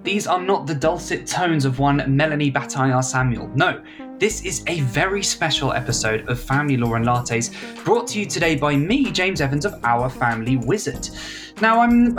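A man's voice: on the high side, lively intonation, normal speed, over music. A man guest-hosting a podcast, chatting casually in a playful, bouncy way.

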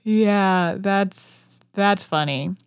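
A woman co-hosting a casual podcast, talking in quick chatty bursts full of "like". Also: mid-range voice, clean tone, no echo, studio quality. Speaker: podcast co-host, first-time reader.

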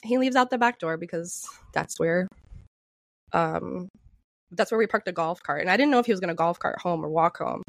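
A woman co-hosting a podcast who tells a story in a casual, animated way, swearing freely and laughing often. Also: on the low side, normal speed, gravelly, no echo, clean studio sound. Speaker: podcast co-host.

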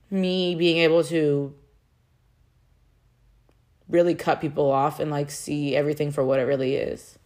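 A woman's voice: on the low side, mellow. A young woman venting in a personal vlog, heated and frustrated, swearing often and rambling with restarts. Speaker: vlogger.

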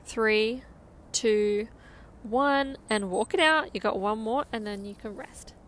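A woman's voice: on the high side, takes it slowly, fairly bright tone, slight background noise. A woman coaching a guided interval run outdoors, upbeat and encouraging as she counts down. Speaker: running coach.

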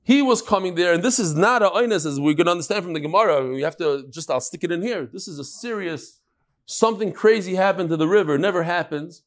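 A man with a high voice speaks fast while teaching a casual Talmud class. He mixes in Hebrew and Yiddish terms and tells jokes and anecdotes.

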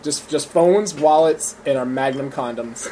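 A man's voice: mid-range voice, unhurried, mellow, slight background noise. A young man casually telling a profane, laughing story to friends. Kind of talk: casual chat.

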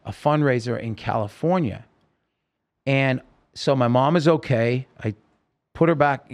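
A man's voice: medium pitch, vocal fry. A man telling his story as a podcast guest, rambling and emotional, with many fillers. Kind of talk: casual storytelling interview.

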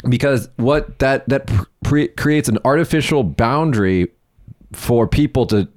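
A man hosting a casual podcast chat, a rambling, animated storyteller who acts out what others said. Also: mid-range voice, measured pace, no room sound, studio quality. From United States. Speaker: podcast host, company CEO.

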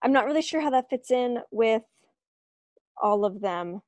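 A woman with a soft lilt, chatting excitedly and gushing over what she reads. Her voice sits a little high and comes across dry and close, with no room around it. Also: normal speed, dry recording. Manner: gushing, excitable, talks with "like" fillers. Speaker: podcast co-host. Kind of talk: casual chat.

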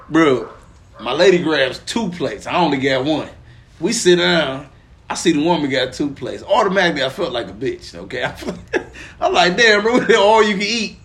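A man from Pine Bluff, Arkansas, co-hosting a podcast and telling a long story in casual, profane slang. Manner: animated, profane, slangy, often lowers voice then bursts up laughing. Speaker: podcast co-host.

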